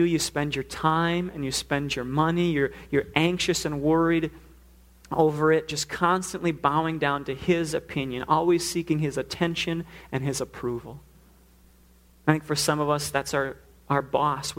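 A man's voice: fairly high pitch, steady tone, moderate pace, a bit bright. A man preaching a sermon, earnest, now and then acting out the pleas he quotes. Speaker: pastor.

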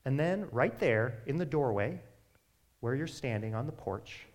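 Animated, lively-voiced male preacher. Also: mid-range voice. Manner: conversational, animated preaching with quick asides. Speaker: pastor. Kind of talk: sermon.

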